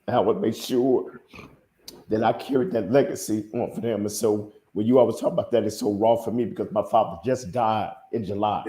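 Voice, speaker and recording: A middle-aged man with a fairly low voice tells a personal story in a heartfelt, halting way, repeating words as he goes. His voice carries an echoey room sound. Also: steady tone, mellow. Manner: earnest, heartfelt, halting repetitions. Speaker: panel guest.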